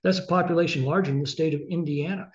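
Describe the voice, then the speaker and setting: A congressman answering interview questions in a measured way, with many filler sounds. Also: on the high side, steady tone, muffled recording.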